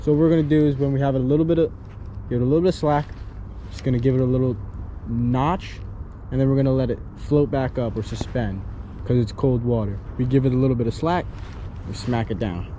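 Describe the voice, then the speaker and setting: A man's voice: mid-range voice, fairly even intonation, fast talker, dark tone, slight background noise. A young man in his twenties vlogging casually, slangy and rambling, laughing often. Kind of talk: casual vlog chat.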